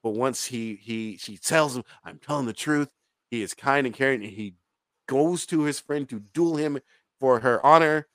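Male podcast co-host, loose and swearing, medium pitch, dry close sound. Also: moderate pace, a bit bright, no room sound. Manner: rambling, profane, laughs often. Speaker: podcast co-host reviewing a film. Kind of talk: casual podcast chat.

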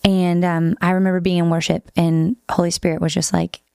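A woman's voice: fairly low pitch, flat delivery, fairly quick, vocal fry, warm tone, smooth, no echo, studio quality. A woman talking about her faith in a casual chat, full of "like" fillers. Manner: chatty, many "like" fillers.

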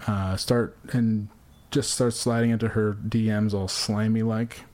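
A man's voice: on the low side, little pitch movement, a little slow, a little mellow. A man co-hosting a podcast, riffing with crude jokes and rambling comic advice. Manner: rambling, acts out dialogue in sudden voices. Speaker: podcast co-host. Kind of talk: profane comedic banter.

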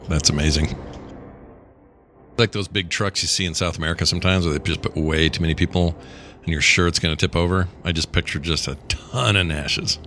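A man's voice: low voice, a little fast, pushed and bright, a little hiss or hum. A man playing a tabletop game, chatting in an amused way. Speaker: player. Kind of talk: casual tabletop play.

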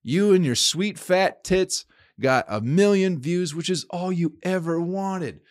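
A man's voice: high voice, measured pace. A man hosting his own podcast, riffing alone in a crude, rambling, profane way. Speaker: podcast host. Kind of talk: casual solo podcast monologue.

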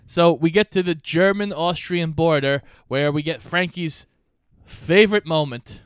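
A man's voice: on the high side, measured pace, smooth, no room sound. A man casually retelling a movie plot with a co-host, dry and amused. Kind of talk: casual movie recap narration.

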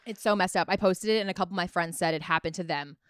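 A woman's voice: fairly low pitch, quick pace, smooth, no room sound. A woman co-hosting a podcast, chatting casually, reacting and joking. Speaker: podcast co-host. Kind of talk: casual chat.

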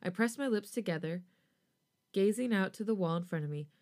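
A woman podcast host reading a first-person fan fiction story aloud, with expressive delivery. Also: mid-range voice, fairly quick.

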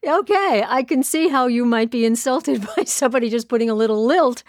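A woman's voice: on the high side, expressive, darkish tone, no echo. Dry-voiced woman radio host. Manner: clear, conversational, measured. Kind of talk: radio interview.

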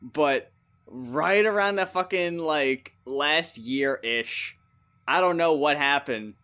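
A man's voice: fairly high pitch, pushed and bright, clear, resonant tone. A man co-hosting a podcast in casual chat, rambling and swearing freely as he retells scenes. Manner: rambling, profane, acts out scenes in quick voices. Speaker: podcast co-host.

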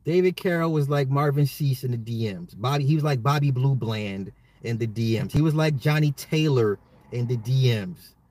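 A man hosts his own commentary podcast, speaking at an ordinary middle pitch. He talks straight to his listeners, pressing his points and often repeating himself to drive them home. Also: moderate pace, a little mellow. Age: adult, a father. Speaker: podcast host. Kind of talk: solo social commentary podcast.

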